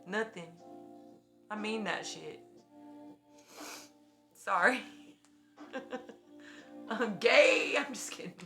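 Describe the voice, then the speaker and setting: A woman's voice: medium pitch, extremely slow, long pauses, bright, forceful tone. A woman in her forties talking in a blunt, profane and effusive way in a casual emotional chat on a stream. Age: 40s. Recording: music playing behind.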